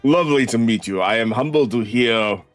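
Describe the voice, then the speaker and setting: A man's voice: medium pitch, a little fast, dry recording, faint music behind, natural voice. A man reading the lines of a gracious old male former barista from a game, in a half-hearted attempt at a French accent, polite and formal.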